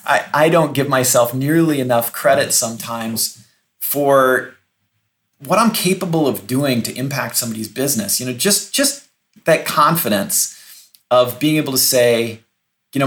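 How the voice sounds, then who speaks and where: A man's voice: mid-range voice, normal speed, fairly bright tone. A middle-aged man, a recruiter, answering interview questions in a conversational way, often restarting and repeating words for emphasis. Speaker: recruiter, podcast guest.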